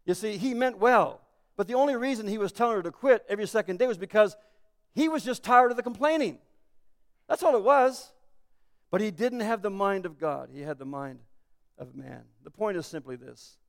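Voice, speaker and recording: High, clear-voiced pastor preaching in a hall. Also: male voice, expressive, moderate pace. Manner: earnest, rising to emphatic declarations. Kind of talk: sermon. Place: church sanctuary. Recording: echoey church hall.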